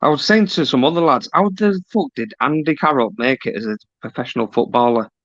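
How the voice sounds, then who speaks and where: Sweary caller talking footie, muffled dry line. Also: male voice, mid-range voice, animated, fairly quick, fairly bright tone, dry recording. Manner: blunt, swears, football banter. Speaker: caller on a livestream. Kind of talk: casual chat. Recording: dull dry call audio.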